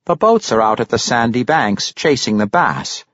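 A man's voice: medium pitch, expressive, moderate pace, a bit bright, no room sound, dull audio. A man voicing a cultured old male halfling boss who questions a shopkeeper politely in an audiobook. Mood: gracious. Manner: gracious, polite, probing.

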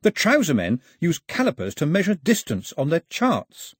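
Narrator voicing a high, cheery, naive young man, husky. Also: wildly swooping pitch, moderate pace, dry recording, clean studio sound, heavily acted. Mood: cheerful. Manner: bright, cheerful questions.

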